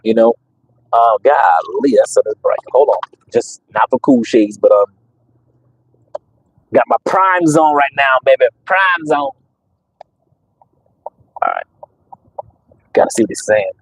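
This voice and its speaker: A man's voice: medium pitch, huge pitch swings, measured pace, long pauses, breathy edge, no room sound, poor audio. A man who breeds dogs, talking casually to viewers on his channel, emphatic and preachy, repeating himself with lots of fillers. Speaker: dog breeder and channel host. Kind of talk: casual livestream talk to viewers.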